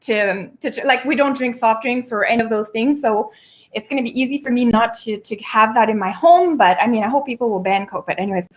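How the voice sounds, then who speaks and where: A woman hosting a casual livestream from her home, talking in an animated, exasperated way, often laughing and stopping to catch her breath. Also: on the high side, fairly quick. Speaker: show host.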